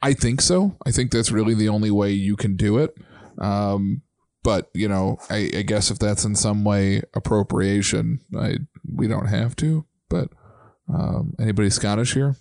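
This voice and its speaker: A man hosting a casual podcast chat, relaxed and full of ums, now and then singing chant lines. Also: on the low side, normal speed, vocal fry, no echo, studio quality. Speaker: podcast host.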